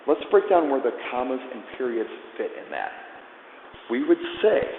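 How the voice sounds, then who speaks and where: A man's voice: mid-range voice, big pitch swings, moderate pace. A man who choreographs line dances, teaching his routine in an upbeat, eager way and counting beats aloud. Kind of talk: instructional dance breakdown. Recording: echoey hall over a tinny phone-like line with faint noise.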